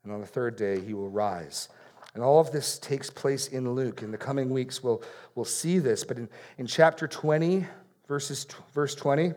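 A man preaching an expository sermon in an earnest way, repeating key phrases for emphasis and going quiet on solemn points. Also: medium pitch.

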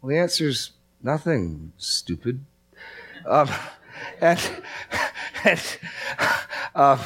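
A man's voice: mid-range voice, big pitch swings, drawn-out words, pauses often, fairly bright tone, breathy edge. A man preaching a sermon in a conversational way, telling stories and acting out quotes. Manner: conversational, storytelling with acted quotes. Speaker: pastor.

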